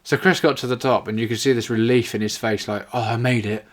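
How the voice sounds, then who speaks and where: A man's voice: medium pitch, steady tone, fast. A young man casually telling a rambling, sweary story, full of "like" fillers. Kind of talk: casual anecdote.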